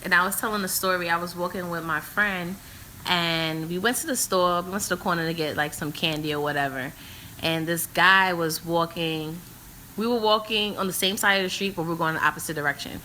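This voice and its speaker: A woman's voice: lowish voice, brisk, pushed and bright, slight background noise, rough recording. A young woman from New City, telling stories in a casual, matter-of-fact chat. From New York City. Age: young adult. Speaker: co-host guest.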